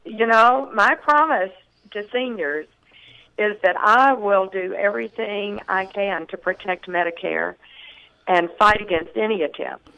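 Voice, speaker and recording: In a lo-fi radio interview, a congressional candidate from Tennessee, in their sixties, answers campaign questions earnestly and carefully, with many ums and restarts. Their medium-pitched voice is slightly rough from the early morning and comes across pushed and bright.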